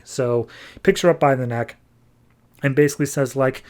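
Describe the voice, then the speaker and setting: A young man recaps a comic on his podcast in a relaxed, conversational way. He keeps the story moving and slips into short acted lines for the characters as he goes. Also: medium pitch. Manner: animated retelling with quick bits of acted dialogue.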